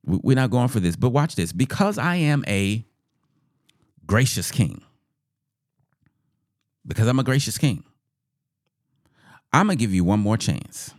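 Man doing a cocky, menacing king with a raised, animated voice. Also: mid-range voice, unhurried, pauses often, dry recording, clean studio sound, voice pushed up. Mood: proud, threatening. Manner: mocking, swaggering, slangy. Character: boastful angry male king, proud and threatening.

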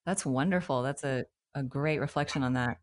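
A woman's voice: rumbling low, normal speed. A woman, a mother, in casual conversation, speaking thoughtfully and openly about her own habits. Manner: thoughtful, earnest, admits her own struggles. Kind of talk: casual chat.

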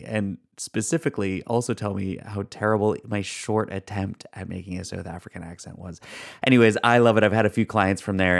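A man hosting a solo podcast, upbeat and stretching key words slowly for emphasis. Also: lowish voice, creaky. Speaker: podcast host.

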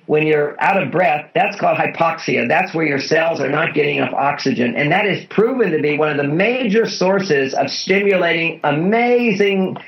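A man's voice: fairly high pitch, creaky, a bit bright. A man being interviewed as a guest author, explaining things in an earnest, instructive way and repeating his key points. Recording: dull lo-fi audio.

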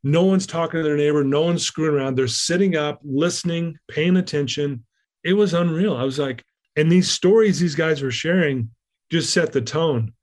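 A man telling a personal story in a conversation, lively and acting out the lines of people he quotes. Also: on the high side, moderate pace. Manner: animated, acts out quoted lines. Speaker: guest speaker.

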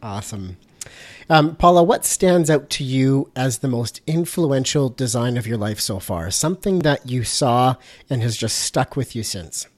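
A man's voice: medium pitch, expressive, measured pace. A man hosting an interview podcast, reacting with enthusiasm and asking questions. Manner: enthusiastic and encouraging. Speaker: podcast host. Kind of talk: conversational interview.

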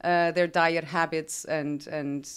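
A woman's voice: deep voice, little pitch movement, slow, clean tone. A woman from Portugal with a Portuguese accent, hosting an interview podcast in English with frequent hesitations and fillers. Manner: hesitant, many fillers, laughs easily. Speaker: podcast host.

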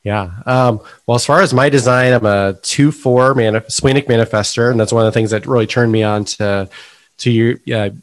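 A man's voice: medium pitch, fairly even intonation, a little fast, dry recording. An American man as a podcast guest, chatting casually in an eager, rambling way. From United States. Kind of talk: casual interview chat.

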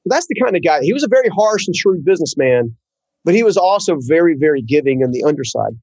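A man tells a personal story as a guest, speaking earnestly and stumbling over repeated words. His voice is husky and a little high. The sound is dry and close. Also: very animated, fast, darkish tone, no echo, rough recording.

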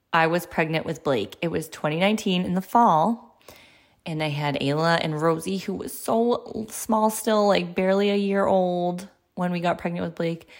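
A woman in her thirties talks on her podcast in a casual, confessional way. Her voice sits a little low, and she fills her sentences with "like" and small restarts as she tells her story. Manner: candid and chatty, many "like" fillers. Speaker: podcast host.

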